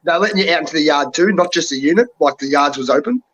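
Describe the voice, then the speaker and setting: A man's voice: a little high, fast talker, fairly bright tone. A man hosting a stream, mostly chiming in with brief agreement in casual chat. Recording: dull lo-fi audio.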